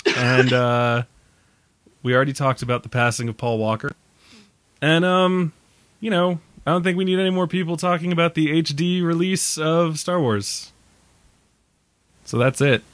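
Man, podcast co-host, joking and rambling, tired, slightly high voice, dry sound. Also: fairly even intonation, moderate pace, long pauses, a bit bright, no echo. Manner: jokey, rambling, laughs often. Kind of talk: casual movie podcast chat.

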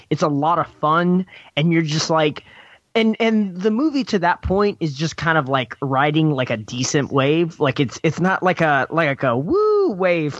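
A man co-hosting a casual film discussion, ranting in an animated way with lots of "like" and restarts. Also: on the high side, no room sound, highs cut off. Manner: animated ranting, heavy use of "like". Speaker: podcast co-host.

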